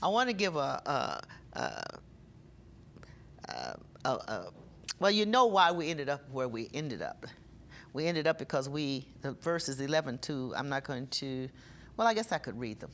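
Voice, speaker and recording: A woman preaching a sermon with passion, slowing down and getting louder when she reads scripture. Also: very deep voice, big pitch swings, slight background noise.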